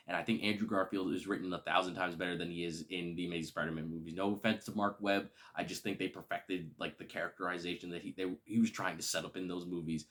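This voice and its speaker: A man casually reviewing a film, excitable and gushing, with slangy, enthusiastic speech. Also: low-pitched.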